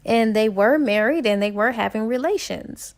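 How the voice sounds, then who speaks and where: A woman reviewing a book by retelling its plot in a chatty, filler-heavy way. Her voice sits on the higher side and is full of gravelly fry. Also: normal speed. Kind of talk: casual retelling of a novel's plot.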